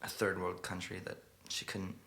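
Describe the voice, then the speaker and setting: A man quietly murmuring a story as the spoken intro of a song. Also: low-pitched, monotone, moderate pace, gravelly. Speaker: singer telling a story before a song. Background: plucked guitar music.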